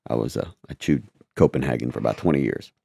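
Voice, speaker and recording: A man telling a personal testimony in a halting, repetitive, earnest way. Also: rumbling low, vocal fry, dark tone, slightly rough, no room sound, studio quality.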